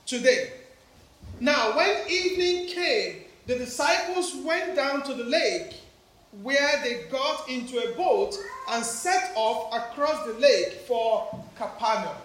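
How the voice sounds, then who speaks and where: High-voiced African-accented preacher in an echoey church. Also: male voice, a bit bright. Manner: engaging, quizzes children and congregation. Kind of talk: family sermon. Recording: very echoey church, faint background noise.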